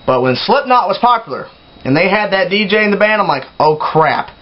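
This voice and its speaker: A young man with a fairly high voice rants in a casual vlog, animated and exasperated, sighing and throwing in mock yells. The sound is dull and lo-fi, like a cheap webcam mic. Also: quick pace. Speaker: metal video blogger.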